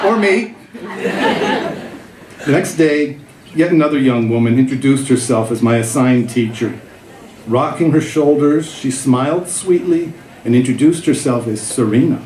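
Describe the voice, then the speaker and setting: A man's voice: mid-range voice, normal speed, noisy background. A man in his fifties reading a personal essay aloud to a live audience, with a wry, self-mocking delivery. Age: 50s. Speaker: reader. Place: festival event room with a live audience. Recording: echoey room, loud crowd laughter.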